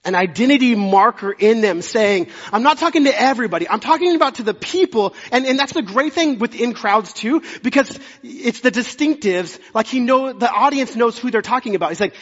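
A man's voice: high-pitched, expressive, fairly quick, few pauses, a bit bright. A young man, a pastor preaching a conversational, self-deprecating sermon with jokey asides. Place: church sanctuary. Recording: dull sound with long hall reverb.

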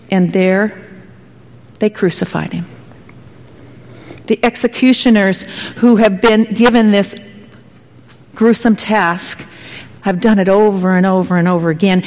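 A woman preaches a sermon at a middle pitch, telling it dramatically and sometimes sinking to a near whisper. Her voice carries a long reverb from a large church hall. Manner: dramatic storytelling, dropping at times to a hushed whisper. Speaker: pastor.

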